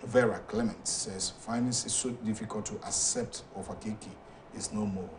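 This is a talk show hosted by a Ghanaian man with a somewhat low voice, who reads viewers' messages hesitantly and stumbles over names, peppering his speech with fillers. The mic is distant because he sits back from it, and a continuous noise runs beneath him.

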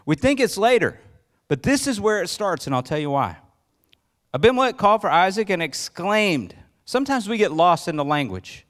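A male pastor preaching a sermon in church, telling the story with lively acted-out voices and questions to the congregation. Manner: acts out quoted voices with rising pitch.

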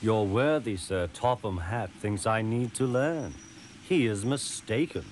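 A man's voice: on the low side, measured pace, darkish tone, a little hiss or hum, lightly acted. A man doing an oily, smug diesel engine. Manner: smooth, oily, ingratiating.

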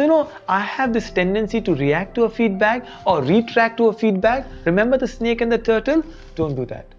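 A man with a high-sitting, slightly mellow voice hosts a motivational teaching talk on feedback as a host and teacher trainer. He speaks expressively and repeats his key points, on a dull lo-fi recording with faint music.

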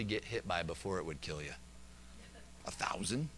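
A male pastor delivers a church sermon with a bright, forceful tone. He quotes verses one after another and swings between emphatic preaching and quiet, intimate asides. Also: low-pitched, normal speed, a little hiss or hum. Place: church service.

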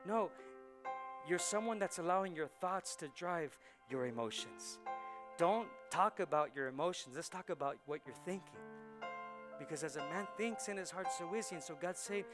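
Guy pastor preaching hard, voice sits pretty high, goes quiet then loud, bit of music faint behind. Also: animated, normal speed. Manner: impassioned preaching, swinging between hushed and loud. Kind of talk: sermon. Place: church service.

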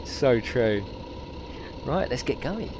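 A man chatting through a live gaming stream, excitable and talkative. His voice swings widely up and down in pitch as he reacts, and faint game sounds sit quietly behind him. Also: slow pace, noisy background. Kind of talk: live let's-play commentary, chatting with viewers.

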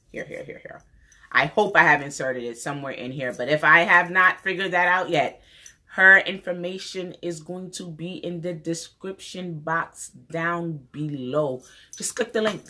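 A woman's voice: fairly low pitch, unhurried, sharp tone. Chatty New woman vlogger. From New York. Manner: enthusiastic, chatty, repeats phrases for emphasis. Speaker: beauty vlogger. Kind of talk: casual wig review vlog.

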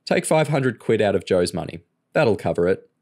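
A man voicing a calm, commanding male crime boss, speaking in an even, firm way. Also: fairly low pitch, normal speed.

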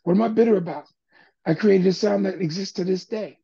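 A man's voice: high voice, fairly quick, vocal fry, husky, muffled recording. An older man, a music producer and guest, telling stories in a casual interview and acting out other people's voices as he goes. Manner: animated storyteller, acts out quoted voices.

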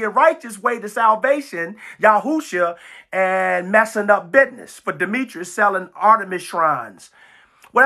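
A woman's voice: mid-range voice, a bit bright. A woman preaching a fiery sermon, full of emphatic repetition and stammered restarts.

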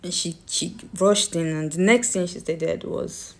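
Woman talking real slow, stumbles and repeats herself, sounds hurt and accusing. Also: on the low side, steady tone, darkish tone. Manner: halting, repeats words, pleading and accusing tone. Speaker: grieving daughter telling her story. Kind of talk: emotional personal account.

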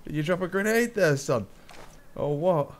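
A young man, a gaming YouTuber, chatting casually through gameplay with quick surprised exclamations. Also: on the high side, animated, slight background noise. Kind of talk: live gameplay commentary.

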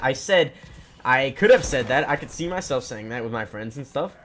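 A teenage boy telling an angry story to camera in a casual, profane rant, swinging from loud outbursts to low mutters. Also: lively intonation, brisk. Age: teens. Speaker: vlogger.

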